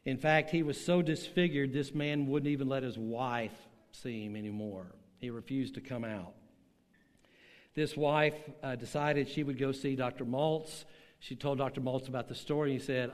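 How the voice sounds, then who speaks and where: A man's voice: medium pitch, steady tone. Older male pastor preaching in a reverberant hall. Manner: slow, emphatic storytelling with dramatic pauses. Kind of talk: sermon. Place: church hall with online audience.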